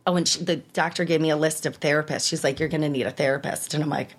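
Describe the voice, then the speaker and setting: Speaking quickly in a voice fairly low for a woman, a thirties interview guest recounts a personal story. She performs the other people's lines with animation, and her pitch leaps upward when she relives the hardest parts.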